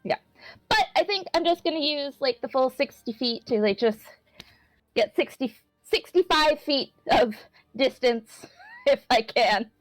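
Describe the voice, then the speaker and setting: A woman's voice: high-pitched, animated, a little slow, dry recording, low-quality recording. A woman playing a tabletop game, describing her character with lots of fillers and hedges. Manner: rambling with many fillers and hedges. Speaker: player.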